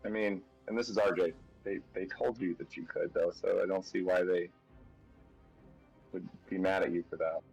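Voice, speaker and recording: A man's voice: sits low, steady tone, moderate pace, creaky, a little mellow, husky, lo-fi sound, faint music behind. A man playing a tabletop game in character, thinking aloud hesitantly with fillers. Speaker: player.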